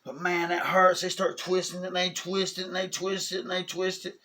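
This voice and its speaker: A man, telling a personal story in a casual, animated way, often asking "you know what I'm saying?". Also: high-pitched, fairly quick. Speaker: vlogger.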